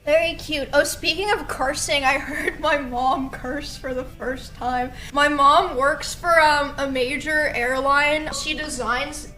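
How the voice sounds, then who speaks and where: A young adult woman streamer telling family stories in casual chat, animated and laughing often. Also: high voice, takes it slowly, hardly any pauses.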